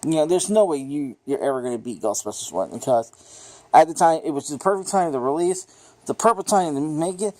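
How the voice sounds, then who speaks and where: Rambling, excitable man reviewing a film. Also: a little high, a little fast. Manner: rambling, excitable, swears freely, lots of fillers. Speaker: movie reviewer. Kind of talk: casual unscripted film review.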